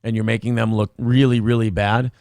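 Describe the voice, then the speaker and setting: A man's voice: medium pitch, flat delivery, a little fast, a little mellow, dry recording, clean studio sound. A man hosting a morning talk show, chatting casually with a sarcastic, mocking manner. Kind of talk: casual chat.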